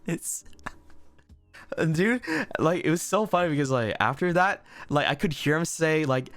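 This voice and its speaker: A young man telling a story in a casual vlog, laughing often, swearing freely and talking with animated energy. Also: fairly high pitch, a little slow, pauses often, no room sound, faint music behind. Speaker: vlogger. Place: inn room indoors.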